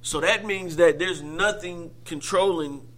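A man co-hosting a podcast, talking in animated, profane, laughing banter. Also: high-pitched, measured pace. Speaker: podcast co-host. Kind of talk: casual chat.

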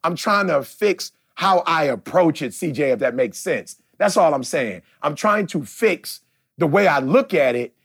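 An emphatic man in his forties drives home his point on a podcast, stopping often to ask "see?". His voice sits a bit high and comes out husky. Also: animated, measured pace. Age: 40s. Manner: emphatic, preachy, keeps asking "see?". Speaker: podcast host. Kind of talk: casual podcast talk.

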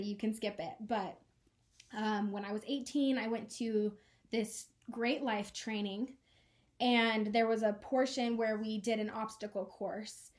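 A young woman in her twenties, a podcast co-host, telling a personal story in an earnest, emotional way. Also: on the high side. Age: 20s. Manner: earnest, emotional, quick laughs. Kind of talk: casual chat, personal story.

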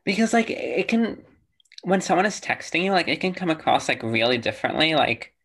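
A person chatting casually in a relaxed way, hedging with lots of fillers. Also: medium pitch, a little fast, husky. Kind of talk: casual chat.

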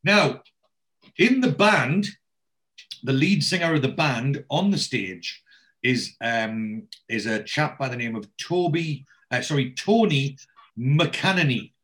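A man's voice: medium pitch, animated, slow, a bit bright. A man hosting a podcast, recapping a TV episode in casual chat as a rambling storyteller full of restarts and asides.

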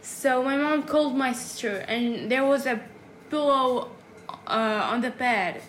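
High-voiced young woman in an echoey room. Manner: rambling, rushed, laughing storyteller. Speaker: podcast co-host. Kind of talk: casual chat. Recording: echoey room with light noise.

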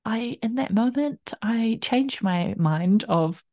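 A young adult woman hosts a podcast, recounting a personal story in a chatty, rambling way with many fillers, restarts and laughs. Her voice is on the high side with lively intonation and a dark tone, and she takes it slowly; the sound is clean studio quality with no room sound.

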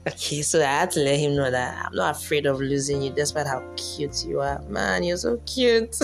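A woman's voice: deep voice, fairly even intonation, a little fast, faint music behind. A young woman chatting casually about relationships, acting out her own past self in quotes and laughing often. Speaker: vlogger giving relationship advice. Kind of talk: casual storytelling monologue.

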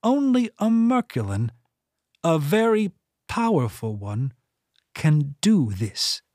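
Male narrator doing an imperious older woman leader for an audiobook; slow, lifted pitch, dry close sound. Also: very animated, darkish tone, no echo. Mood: commanding. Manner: stern, imperious, measured. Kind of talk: audiobook character voice.

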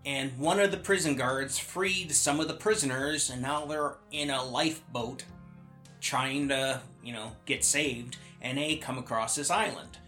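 Bright-voiced man recapping a movie. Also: medium pitch, faint music behind. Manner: laid-back recapping, acts out characters in quick voices. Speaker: podcast co-host. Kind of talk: casual movie review chat.

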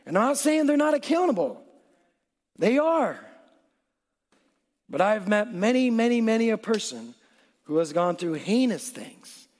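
A man's voice: sits high, big-room sound. A man preaching a conversational sermon, acting out what people in the story say. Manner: conversational, animated, acts out quotes. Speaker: pastor.

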